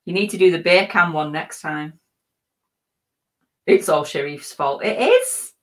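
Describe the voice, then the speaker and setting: English woman co-host on a live stream, lowish voice, playful and teasing. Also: measured pace, fairly bright tone. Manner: teasing, laughs a lot. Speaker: co-host of a reselling live show. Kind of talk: casual live-stream chat.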